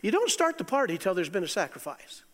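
Middle-aged male preacher, high-voiced, animated, loud bursts and soft asides, long hall reverb. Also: fast talker. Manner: animated, swings from loud exclamations to quiet asides, chuckles. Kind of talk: sermon.

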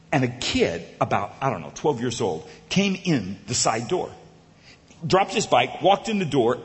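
A male preacher telling a funny story in a sermon, animated and acting out the characters. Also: mid-range voice. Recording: echoey large hall.

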